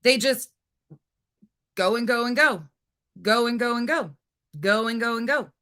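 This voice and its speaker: A woman's voice: a little high, measured pace, a bit bright. A woman hosting a livestream, ranting angrily and profanely at a rival and taunting her. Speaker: livestream host. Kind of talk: heated livestream rant.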